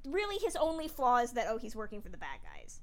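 A woman co-hosting a podcast, chatting casually about an old film, animated and emphatic, sometimes laughing as she talks. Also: a little high, quick pace. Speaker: podcast co-host.

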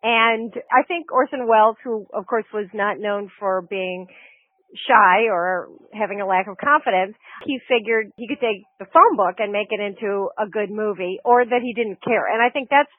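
Measured woman critic on a tinny line. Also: medium pitch, no echo. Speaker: film discussion co-host. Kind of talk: casual film podcast chat. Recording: tinny phone-like line, dry.

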